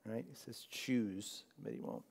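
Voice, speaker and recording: A man's voice: medium pitch, normal speed. A man teaching a Bible study class in a casual, chatty way, laughing often and checking in with his listeners. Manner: chatty, laughs often, asks the room "right?". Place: large room with a group of listeners. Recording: long echo of a large hall.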